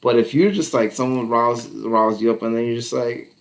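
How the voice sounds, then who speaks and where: A man's voice: mid-range voice, steady tone, brisk, gravelly. A man in casual podcast chat, talking loosely with lots of fillers and cursing, slipping into quoted voices. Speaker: podcast co-host.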